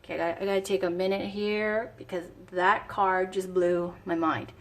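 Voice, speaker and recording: A woman's voice: lowish voice, little pitch movement, normal speed. A woman giving a casual tarot reading, reading card passages aloud and chatting enthusiastically as she thinks aloud. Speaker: tarot reader.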